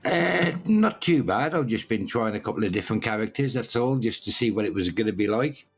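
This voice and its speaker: Slow, hesitant man chatting. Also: fairly low pitch, expressive, slightly rough. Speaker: guest. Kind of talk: casual podcast chat.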